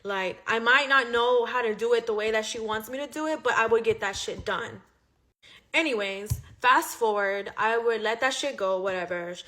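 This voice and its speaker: Bright-voiced young woman telling a story. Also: fairly high pitch, moderate pace. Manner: chatty, profane, heavy use of "like". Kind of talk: casual storytime monologue.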